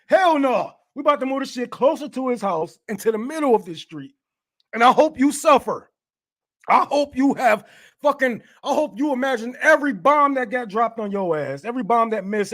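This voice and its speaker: A man's voice: very high voice, fairly bright tone. A man hosting a show, ranting in heated, profane commentary, stammering and laughing often. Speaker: podcast host.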